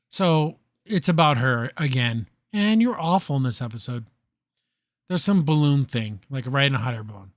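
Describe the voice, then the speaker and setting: A man's voice: mid-range voice, expressive, moderate pace, dry recording, clean studio sound. Sarcastic, blunt man recapping an episode. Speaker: podcast host reviewing a cartoon episode. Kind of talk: casual recap and critique.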